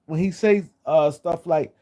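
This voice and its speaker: A man's voice: on the high side, measured pace, mellow. A man hosting a casual live-stream sports talk show, rambling and repeating himself as he talks to viewers in the chat.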